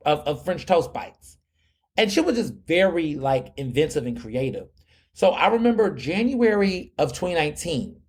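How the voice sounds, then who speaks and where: Casting note: young adult male podcast host, slightly higher voice, loose conversational storytelling with restarts and slang. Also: darkish tone. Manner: chatty, repeats words and restarts often, slangy. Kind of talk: casual storytelling monologue.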